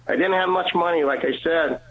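A man's voice: on the high side, brisk. A man, a guest on the show, earnestly telling a personal faith story and often repeating and restarting his words. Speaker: guest sharing a faith testimony. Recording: tinny phone line.

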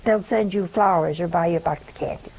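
A woman's voice: lowish voice, brisk, a little mellow, poor audio. A woman giving a conversational Catholic religious talk, telling humorous stories and asking her listeners rhetorical questions.

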